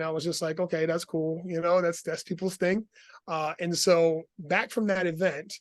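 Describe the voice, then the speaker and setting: A middle-aged man as an interview guest, telling his story in an animated, laughing way. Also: fairly high pitch, dry recording.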